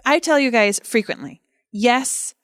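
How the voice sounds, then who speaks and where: A woman co-hosting a casual chat podcast, her fairly high voice bouncing all over with expression. The sound is close and dry, with no room around her. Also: unhurried, no echo. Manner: animated and expressive, reads passages aloud. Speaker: podcast co-host.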